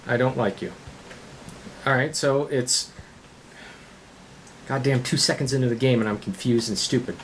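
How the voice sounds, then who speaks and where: A gaming channel host doing let's-play commentary, swearing and yelling at the game in frustration. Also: medium pitch, moderate pace, pauses often, a little hiss or hum.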